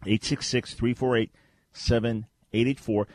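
A man's voice: mid-range voice, flat delivery, measured pace, darkish tone, no echo. Earnest male radio talk show host. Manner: earnest, conversational, frequent restarts. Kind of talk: Christian radio teaching and call-in. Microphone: studio microphone.

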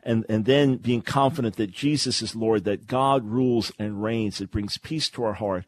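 Emphatic preacher-host with a dry studio sound. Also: male voice, on the low side, moderate pace, no room sound. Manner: emphatic, preacherly, repeats key phrases. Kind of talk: radio Bible teaching.

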